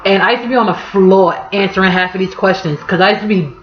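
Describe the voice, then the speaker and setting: A woman's voice: mid-range voice, fairly even intonation, fast, slight background noise. A young woman from Harlem with a New York accent, talking casually and profanely to camera in a vlog. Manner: casual, profane, laughing slang-heavy storytelling. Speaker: vlogger. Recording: echoey room, dull lo-fi sound.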